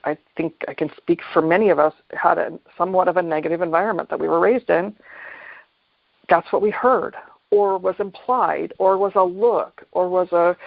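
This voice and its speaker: Man talking slow and reflective about mindfulness, bit high, gravelly, dull dry lo-fi sound. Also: no echo. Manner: thoughtful, unhurried, pauses often and restarts phrases. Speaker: podcast host. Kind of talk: reflective solo talk on mindfulness.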